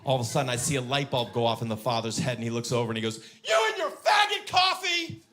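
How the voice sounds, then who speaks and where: A man doing a stand-up comedy set, telling a story in a dry, deadpan way that breaks into sudden shouting. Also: mid-range voice, racing, very noisy. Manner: deadpan, then shouting bursts. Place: comedy stage.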